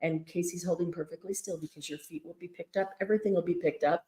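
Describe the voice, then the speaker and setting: A woman speaking quickly in a fairly low voice runs a live craft fundraiser sale stream, excitedly chatting and calling out viewers by name. The recording comes from a fixed, fabric-draped room mic in a big echoey event room at a craft retreat, sounding muffled and tunnel-like.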